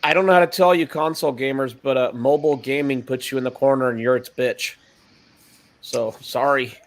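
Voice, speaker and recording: A man's voice: mid-range voice, fairly even intonation, fairly quick. A man co-hosting a casual gaming chat, teasing the others with crude banter. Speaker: podcast co-host.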